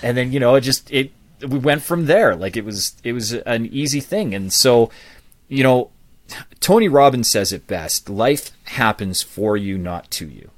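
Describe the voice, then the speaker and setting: Animated man telling his story. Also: medium pitch, measured pace, no room sound. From Canada. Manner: animated storyteller with lively asides and restarts. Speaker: guest, public speaking coach. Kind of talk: personal storytelling in an interview.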